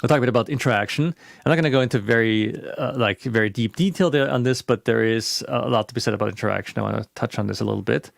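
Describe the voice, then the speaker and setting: Gravelly-voiced man giving a webinar talk. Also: mid-range voice, quick pace, no room sound. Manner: conversational with restarts and fillers. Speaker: presenter. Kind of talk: webinar presentation.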